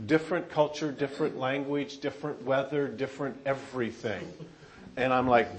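Preaching to a congregation at a normal speed, a male pastor from Southern California uses a mid-range voice. He fills the sermon with lively stories and self-deprecating humor.

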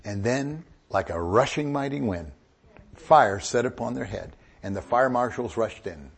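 A man's voice: medium pitch, animated, a little slow, vocal fry, breathy edge. A middle-aged male pastor preaching a sermon, joking with the congregation and rising into emphatic bursts.

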